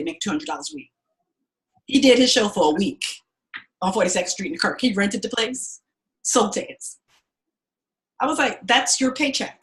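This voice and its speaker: A woman's voice: mid-range voice, a bit bright. A woman teaching an acting class, telling blunt, profane stories and acting out the people she quotes. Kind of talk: class talk to students.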